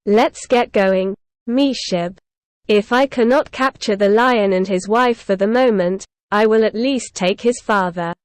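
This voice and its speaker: A woman's voice: mid-range voice, measured pace, dry recording, natural voice. A woman voicing a fierce, imperious young noblewoman who gives clipped commands, in a storybook reading. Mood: commanding.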